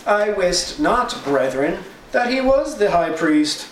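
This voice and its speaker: A man's voice: fairly high pitch, measured pace, slight background noise, close to an everyday voice. A man voicing an apostle pleading his case before a hostile council, in a raised, declaiming reading. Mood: sarcastic. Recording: roomy echo, distant mic.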